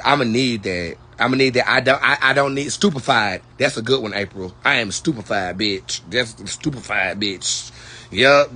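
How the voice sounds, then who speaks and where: A tarot-reading man talks casually to his viewers, sassy and profane as he rambles from one thought to the next. His voice is bright and forceful, sitting at a middle pitch. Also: a little hiss or hum. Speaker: tarot reader. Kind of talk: casual livestream chat with viewers.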